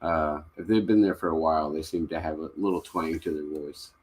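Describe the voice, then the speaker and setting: Man, very deep voice, young adult, from kentucky, rambling, easygoing live-stream host. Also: steady tone, a little fast, a little mellow, slightly rough. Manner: easygoing, rambling with frequent fillers and laughs. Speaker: livestream host. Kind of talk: casual live-stream chat. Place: home.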